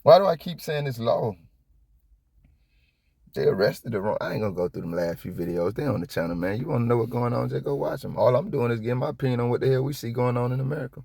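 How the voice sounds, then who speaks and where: A man giving casual reaction commentary on a police video, rambling and profane, with sudden high-pitched outbursts. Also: animated, fast, vocal fry, mellow, no room sound, studio quality. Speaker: copwatch commentator.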